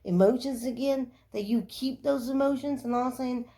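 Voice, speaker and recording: A young adult woman delivers a casual monologue of earnest, somewhat preachy life advice, rambling and restarting as she talks. Her voice is high, brisk, and warm.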